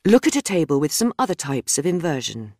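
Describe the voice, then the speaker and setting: A woman reading a scripted grammar lesson in a measured, explanatory way. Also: sits low, sing-song, darkish tone, no room sound, studio quality. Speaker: grammar teacher. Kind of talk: scripted instructional narration.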